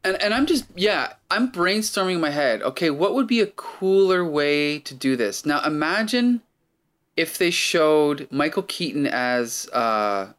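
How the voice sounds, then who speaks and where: A man's voice: on the high side, expressive, unhurried, a bit bright. A man hosting a casual chat, rambling and thinking aloud with many restarts.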